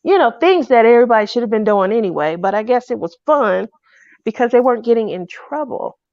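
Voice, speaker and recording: A woman telling a personal story in a casual, animated way. She acts out the people she quotes in a loud voice. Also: fairly high pitch, brisk, dry recording. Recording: dull, dry lo-fi recording.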